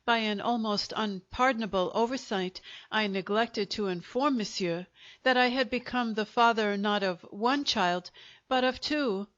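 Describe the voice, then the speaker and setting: A woman's voice: mid-range voice, measured pace, fairly bright tone, dry recording, muffled recording, lightly acted. A woman doing a courtly, regretful French undertaker. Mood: politely sad. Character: sad, urbane male French undertaker.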